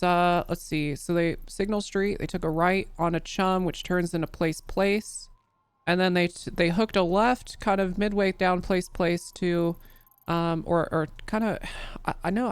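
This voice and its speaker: A woman testifies in character as an undersheriff in a role-play court case, giving her account loosely and rambling, full of restarts and fillers. Her voice is lowish and smooth, with no echo.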